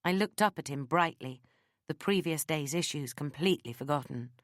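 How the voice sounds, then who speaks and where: Low-voiced woman narrating an audiobook. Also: moderate pace, no echo, studio quality. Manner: lively first-person storytelling.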